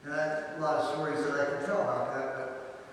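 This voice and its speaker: A man gives a spiritual talk, telling stories in an animated way and restarting his phrases as he goes. His voice is somewhat high. He is recorded from far off in a big echoing hall with faint background noise. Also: a little fast. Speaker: speaker at a parish gathering.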